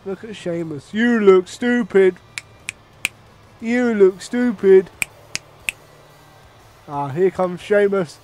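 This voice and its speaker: Young man from Ireland, very high voice, excitable and sweary, game commentary. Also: takes it slowly, long pauses, soft background music. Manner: excitable, swearing, mock ring-announcer bursts. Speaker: gaming commentator.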